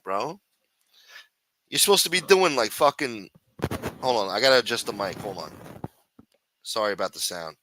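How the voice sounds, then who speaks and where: A man's voice: fairly low pitch, lively intonation, moderate pace, pauses often, pushed and bright, no room sound. A man hosting a live stream, ranting and swearing constantly in an irritated, complaining way. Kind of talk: casual profane rant reacting to a stream.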